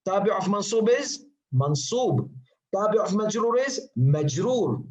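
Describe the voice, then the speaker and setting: A man's voice: sits high, very animated, measured pace, a little mellow, rough recording. A man teaching a grammar lesson to a class, patiently explaining and repeating examples, often asking questions and answering them himself.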